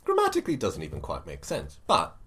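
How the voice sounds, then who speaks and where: A man's voice: low voice, huge pitch swings, fast, fairly bright tone, husky. A male podcast co-host in casual chat, retelling a story animatedly with stumbling restarts.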